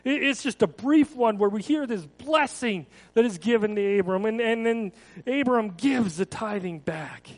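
A man's voice: high voice, lively intonation, moderate pace, rough recording. A male pastor giving a conversational sermon, casual and repeating words, often asking the congregation questions.

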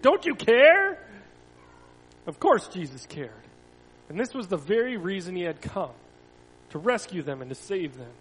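A pastor reads a story to the children in his church, building dramatically and then falling to a near whisper. His voice sits high for a man. It rings out with a long reverb through the church hall. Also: slightly rough. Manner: expressive storytelling, swelling loud then dropping to a hush. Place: church sanctuary.

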